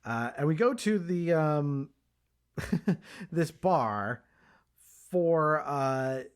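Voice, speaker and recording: A man's voice: fairly high pitch, expressive, extremely slow, clean tone. Podcast host guy in his 30s, chatty recap, lots of uhs. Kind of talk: casual film recap chat.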